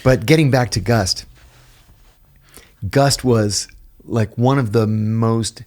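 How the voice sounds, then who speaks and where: A mid-range male voice moves at a slow pace as a middle-aged American, appearing as a podcast guest, shares personal stories. He's animated, impersonating the people he quotes and laughing at his own stories throughout the relaxed interview.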